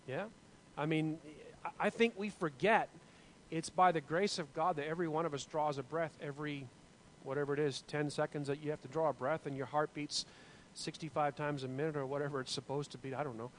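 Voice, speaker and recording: A man's voice: on the high side, steady tone, fairly quick, a little hiss or hum, low-quality recording. A man leading a group Bible study discussion, talking in an earnest, musing way with many restarts.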